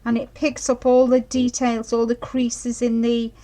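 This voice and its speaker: Woman, middle-aged, live craft demo, chatty, apologetic, slow-paced. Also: on the high side, monotone, mellow, low-quality recording. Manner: chatty, apologetic, keeps checking viewers can see. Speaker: craft demonstrator.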